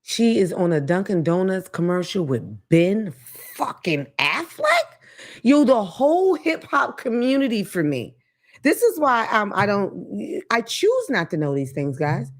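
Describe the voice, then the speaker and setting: A woman's voice: medium pitch, unhurried. A woman hosting her own talk show, ranting casually with blunt, profane commentary. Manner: blunt, profane, animated rants. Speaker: podcast host.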